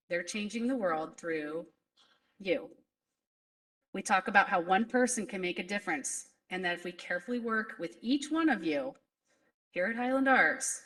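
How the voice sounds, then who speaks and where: A woman's voice: medium pitch, fairly bright tone, far from the mic, poor audio. A woman principal giving an earnest, emotional graduation speech to students. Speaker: school principal. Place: school graduation ceremony.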